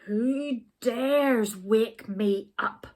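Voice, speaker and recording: A woman voicing a big, hairy male bear who growls his words slowly. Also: a little high, a little mellow. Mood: angry. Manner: growling, slow.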